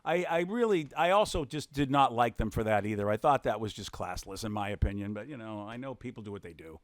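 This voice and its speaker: Lively man telling radio stories. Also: fast talker, no echo. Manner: animated, acts out quotes with big pitch swings, laughs often. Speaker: radio broadcaster guest. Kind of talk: casual storytelling on a podcast.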